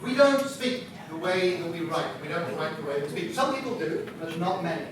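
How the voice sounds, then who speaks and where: High-voiced man teaching in an echoey room. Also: lively intonation, a little fast, background noise. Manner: chatty, self-deprecating humor. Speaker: book publisher presenting a workshop. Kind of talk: instructional presentation. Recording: echoey room picked up from a distance.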